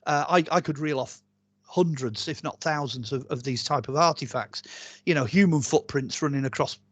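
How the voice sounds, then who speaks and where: Here a British archaeologist and author, appearing as a guest in a relaxed interview, spins stories at normal speed in a slightly high voice. Chatty and animated, he rambles, restarting often and leaning on fillers. There's no echo.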